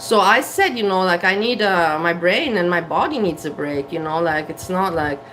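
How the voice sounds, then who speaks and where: A woman's voice: on the low side, moderate pace, a bit bright, a little hiss or hum, low-quality recording. A woman vlogging candidly to camera from her kitchen, frank and blunt, swearing and laughing at herself. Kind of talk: candid casual talk to camera. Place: home kitchen.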